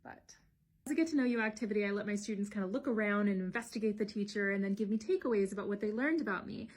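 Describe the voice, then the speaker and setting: A woman teacher telling classroom stories to camera, wry and dry, sometimes dropping to hushed gossipy asides. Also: mid-range voice, quick pace. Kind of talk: casual storytelling to camera.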